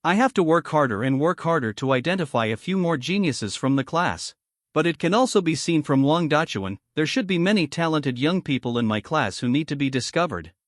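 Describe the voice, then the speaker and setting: Male recap narrator, slightly high and lively, dry close read. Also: fairly quick, no room sound. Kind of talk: scripted story recap narration.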